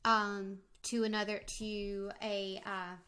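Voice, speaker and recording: A young adult woman casually walking through her budget, talking in a relaxed way with frequent fillers and restarts while snacking. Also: mid-range voice, slow, clean tone. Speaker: vlogger.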